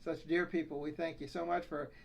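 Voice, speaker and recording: A man's voice: fairly high pitch, little pitch movement, fairly quick, vocal fry, a crowd in the background. An older man co-hosting a casual crafting chat, telling a folksy joke with plenty of fillers. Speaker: co-host.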